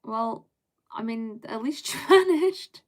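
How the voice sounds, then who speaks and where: A woman's voice: fairly high pitch, lively intonation, takes it slowly. A young adult woman live streaming, chatting casually with viewers in a rambling way, full of fillers and light laughter.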